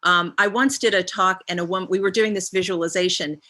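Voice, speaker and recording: A woman's voice: on the low side, steady tone, brisk, bright, forceful tone. A woman guest speaker on a live stream, leading a visualization with a long string of reflective questions and frequent ums.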